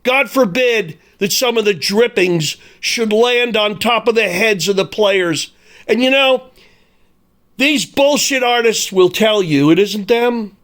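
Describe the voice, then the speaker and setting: A man's voice: high voice, slow, fairly bright tone. A man delivering an angry, sarcastic, profane sports commentary rant.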